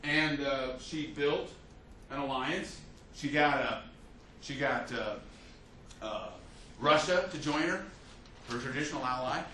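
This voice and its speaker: A man's voice: mid-range voice, slow. Man lecturing in an echoey classroom. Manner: animated storytelling with many restarts. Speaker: history lecturer. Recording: echoey classroom from a distance, faint hiss.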